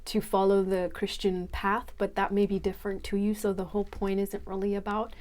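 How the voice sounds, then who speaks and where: A woman reads from her own memoir in a soft, earnest, confessional voice. Her pitch sits in a middle range for a woman, and she speaks in a personal, reflective way. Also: little pitch movement, a little fast. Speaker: author reading her book. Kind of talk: personal reflection and book reading.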